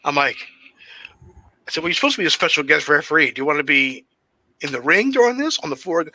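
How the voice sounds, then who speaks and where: A man's voice: fairly high pitch, fast talker, pauses often, no room sound, poor audio. A man telling wrestling stories in a casual interview, swearing freely and acting out what people said. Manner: animated, swearing, acts out quotes with big laughs. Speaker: guest wrestler. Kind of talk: casual shoot interview storytelling.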